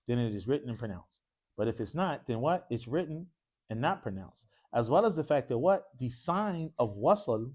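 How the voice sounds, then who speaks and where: A warm, medium-pitched male voice leads an Arabic grammar lesson in a mosque classroom. He keeps quizzing his students with question after question.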